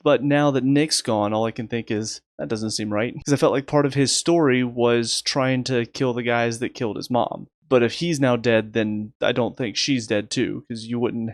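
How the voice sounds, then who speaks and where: A man casually reviewing a TV episode, exasperated and sarcastic, restarting his sentences often and recapping scenes in quick lists. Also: medium pitch, no echo, clean studio sound. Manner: rapid recaps in a flat list. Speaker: TV review host.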